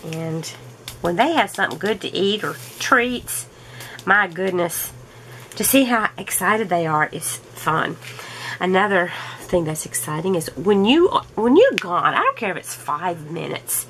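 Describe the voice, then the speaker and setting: Slow-talking woman chatting at home. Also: lowish voice, very animated, fairly bright tone, slight background noise, low-quality recording. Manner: slow, chatty, laughs often. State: throat a bit rough from allergies. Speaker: diamond painting vlogger. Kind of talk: casual chat while crafting.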